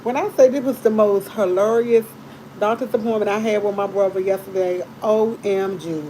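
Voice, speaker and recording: A woman's voice: medium pitch, normal speed, a little hiss or hum, low-quality recording. A woman hosting a live stream, telling her viewers a story in a casual, exasperated way, repeating herself and swearing freely. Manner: animated, exasperated retelling with repeated phrases; colloquial, blunt, swears freely.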